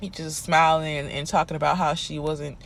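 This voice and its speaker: A man's voice: fairly high pitch, flat delivery, moderate pace, vocal fry, fairly bright tone, slight background noise. A man giving a casual, sassy recap rant of a TV episode, telling it in an exasperated, chatty way. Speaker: TV recap commentator.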